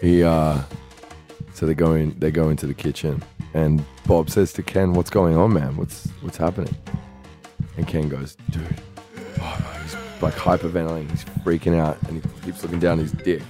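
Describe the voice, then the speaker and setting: Low, mellow male podcast co-host and animated storyteller who voices the people in his anecdotes. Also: moderate pace, soft background music. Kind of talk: casual storytelling chat.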